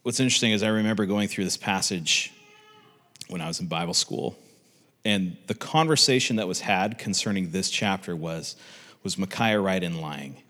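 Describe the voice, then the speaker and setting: A man's voice: deep voice, moderate pace, a bit bright. A man giving a casual Bible teaching, telling the story conversationally with asides. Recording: long reverb.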